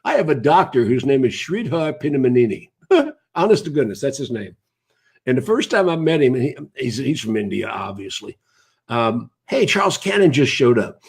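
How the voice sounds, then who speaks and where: A man's voice: medium pitch, big pitch swings, normal speed, slightly rough. A man, hosting a live broadcast in a casual, rambling way and greeting viewers by name as he goes.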